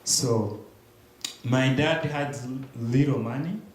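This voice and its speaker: A young man giving a church testimony, telling his story slowly and haltingly with pauses and restarts. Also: mid-range voice. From Democratic Republic of the Congo. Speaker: guest speaker. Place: large echoey church hall. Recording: very echoey room, faint hiss.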